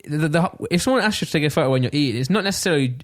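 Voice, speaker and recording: A man's voice: fairly high pitch, lively intonation, rapid-fire. A young man co-hosting a podcast, rambling in casual chat with lots of fillers and laughs. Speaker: podcast co-host.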